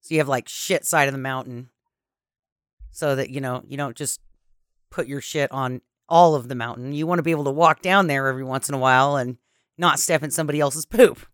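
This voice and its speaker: A woman's voice: rumbling low, a little fast, no room sound, clean studio sound. A woman co-hosting a podcast, riffing on a movie in casual chat with playful, crude jokes. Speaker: podcast co-host.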